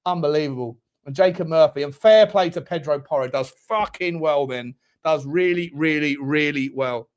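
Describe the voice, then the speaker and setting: High-voiced excitable football fan host. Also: male voice, moderate pace, few pauses. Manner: excitable, shouts at big moments, swears; talks to viewers directly. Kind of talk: live football watchalong commentary.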